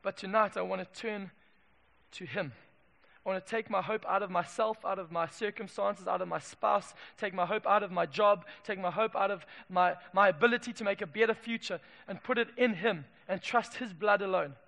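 A man preaching a sermon, telling a story dramatically, swinging from loud peaks down to soft, quiet passages. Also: high voice, moderate pace, vocal fry. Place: church hall. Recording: long hall reverb.

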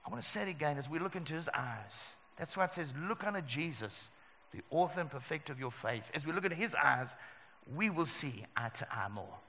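A pastor leading a communion sermon and prayer, talking earnestly and emphatically and repeating key phrases. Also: male voice, on the high side, expressive, fairly quick, sharp tone, big-room sound, low-quality recording. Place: church service.

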